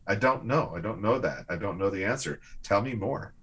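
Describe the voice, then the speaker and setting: A man with a low, husky voice tells a personal story to a host in an easygoing, conversational way. He is animated and lively, pushing his voice up as the story builds. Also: brisk. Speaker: guest.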